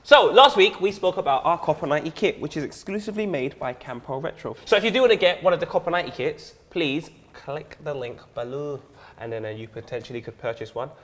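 A man's voice: fairly high pitch, fast talker, a bit bright. A young man co-hosting a casual chat, upbeat and chatty as he asks viewers to comment. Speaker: co-host.

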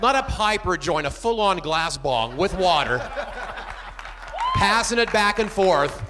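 A man doing a stand-up comedy set, animated and jumping into shouted bits. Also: sits high, measured pace, crowd noise, noisy background.

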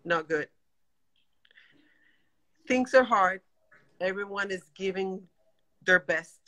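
A woman in her forties, calling into a live video chat, emotional and animated as she vents and laughs. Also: mid-range voice, slow pace. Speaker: guest caller on a live stream.

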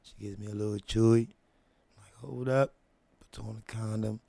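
A man hosting his own show, telling a long story in casual, slang-heavy talk, often dropping to hushed asides and asking if you follow him. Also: on the low side, steady tone, moderate pace, gravelly, no room sound. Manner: drops to hushed asides, asks "you know what I mean?".

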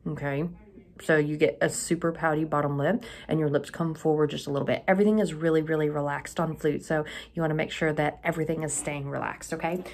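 A woman's voice: sits low, fairly even intonation, fast talker, a little mellow. A woman band teacher giving a patient, step-by-step lesson, often checking in with "okay?", recorded on a camera mic in a school room while another class plays nearby. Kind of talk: instructional video lesson. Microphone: camera mic, leans closer at times.

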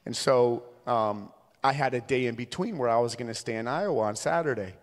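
Speaking a little fast in a mid-range voice, this Minnesota man in his thirties preaches as a traveling evangelist, weaving funny, chatty stories into his sermon. Long reverb from the big church hall colors the sound of the sanctuary.

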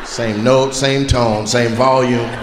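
A man doing stand-up crowd work, teasing audience members with animated banter on a theater stage. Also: medium pitch, slow. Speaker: stand-up comedian. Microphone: handheld stage mic. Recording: echoey live theater with noise. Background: audience laughter.

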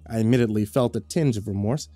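A man reading a horror story as narrator, measured and low-key, on a close studio mic. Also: warm tone, dry recording, soft background music.

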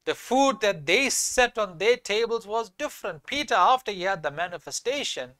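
A man's voice: high voice, lively intonation, normal speed, pushed and bright, no room sound. A man preaching a sermon, reading scripture aloud and repeating key phrases for emphasis.

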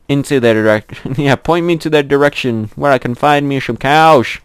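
A man's voice: moderate pace, few pauses, smooth, no echo. Young male gameplay commentator, rambling, laughing often, dry close sound. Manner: chatty, giggly, rambling to himself; squeals in a high voice at cute animals.

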